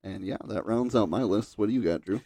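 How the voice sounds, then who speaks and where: A man's voice: fairly low pitch, fairly quick, mellow, husky, no echo, studio quality. A man co-hosting a casual podcast, laid-back, often answering with short agreeing replies. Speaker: podcast co-host. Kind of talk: casual chat.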